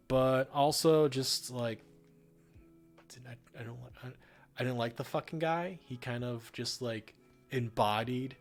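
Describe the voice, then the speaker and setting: While painting on his livestream, a young streamer from the northern US talks in a mid-range voice, rambling casually, cursing freely, and using lots of fillers. Faint music can be heard in the background.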